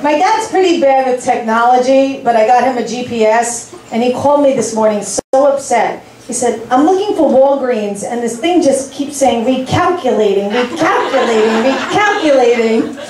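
A woman in her forties performing a stand-up set of deadpan, self-mocking one-liners in a comedy club. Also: fairly high pitch, normal speed, hardly any pauses, crowd noise. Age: 40s. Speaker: stand-up comic. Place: club stage with audience. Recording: echoey room, from a distance.

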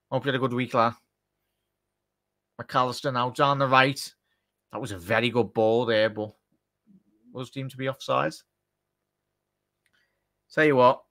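Excitable man hosting a football watchalong. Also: medium pitch. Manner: excitable, chatty, addresses chat directly. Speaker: watchalong host. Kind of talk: live football watchalong commentary.

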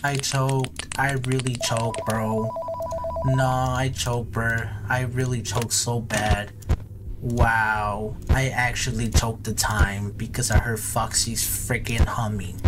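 A man reacting excitedly and in slang while playing a horror game for his channel. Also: medium pitch, takes it slowly, very noisy. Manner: excitable, slangy, jumpy exclamations. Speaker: gaming YouTuber. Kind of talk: reactive gameplay commentary.

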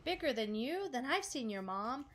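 A woman's voice: high voice, very animated, normal speed, fairly bright tone, full character voice. A woman voicing an eager but muddled butterfly who talks in a coaxing, chirpy way. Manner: coaxing, chirpy, sometimes whispered.

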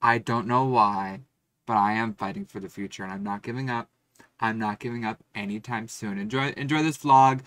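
A man's voice: fairly low pitch, fairly even intonation, moderate pace, fairly bright tone, no room sound. A man vlogging to his phone outdoors, rambling and profane, swinging between muttering and ranting. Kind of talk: casual vlog talk to camera. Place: outdoors on a city street. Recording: phone audio with traffic noise.

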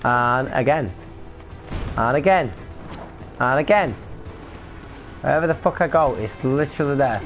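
A man's voice: medium pitch, expressive, measured pace, long pauses, faint music behind. A young man streaming a game live, commenting on the play and swearing in frustration. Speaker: gaming streamer.

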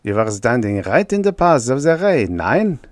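A man plays an excited German physicist who explains everything eagerly, his heavy German accent running through every line. The voice swings widely in pitch and is recorded dry and close. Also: moderate pace, no room sound, lightly acted. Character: excitable middle-aged male German physicist.

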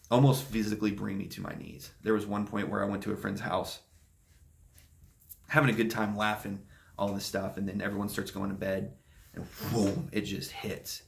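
A young man vlogging, softly telling a painful personal story with halting pauses and restarts. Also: lowish voice, vocal fry. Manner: soft-spoken, halting and emotional.

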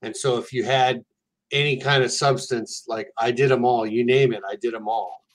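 A man's voice: mid-range voice, fairly even intonation, normal speed. A man speaking as a guest in a casual conversation, candid and earnest.

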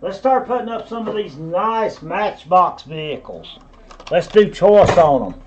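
A man's voice: high-pitched, animated, measured pace, dull audio, a little hiss or hum. A man hosting a live online auction, calling bids over and over with folksy asides. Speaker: auctioneer and host.

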